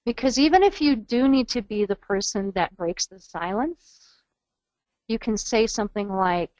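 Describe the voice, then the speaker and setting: A woman's voice: mid-range voice, expressive, normal speed, a little mellow, no room sound. Woman coaching over dull webinar audio. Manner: earnest, coaching, models phrases aloud. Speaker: trainer. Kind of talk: webinar training lecture.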